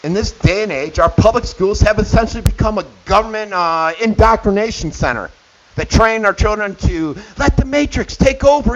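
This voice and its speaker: Man, middle-aged, radio host, indignant rant, sarcastic, somewhat high voice, muffled lo-fi sound. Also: lively intonation, normal speed, fairly bright tone. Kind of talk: ranting opinion monologue. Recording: dull lo-fi with faint hiss.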